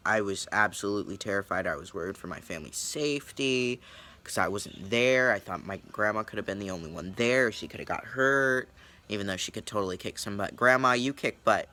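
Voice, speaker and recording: A young man, a YouTuber, telling a story to his viewers and acting out the people in it. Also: mid-range voice. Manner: animated, acts out voices in retelling. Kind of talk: story time vlog.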